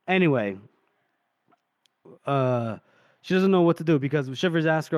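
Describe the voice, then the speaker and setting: A man's voice: a little high, normal speed, long pauses, a little mellow, clear, resonant tone, no room sound, clean studio sound. A man co-hosting a podcast, casually retelling book scenes and acting out the characters' lines. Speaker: podcast co-host.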